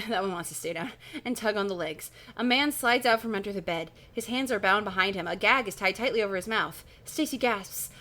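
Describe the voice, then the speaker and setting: A woman's voice: mid-range voice, brisk, pushed and bright. A woman live-streaming as she reads a spooky kids' book aloud, breaking off into casual chatty asides, swearing and laughing at her own slips.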